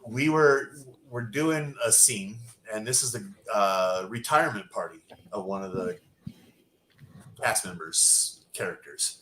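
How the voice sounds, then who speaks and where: A man telling a long profane story as a podcast guest, loud and animated. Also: lowish voice, a little slow, echoey room, low-quality recording. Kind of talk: casual storytelling.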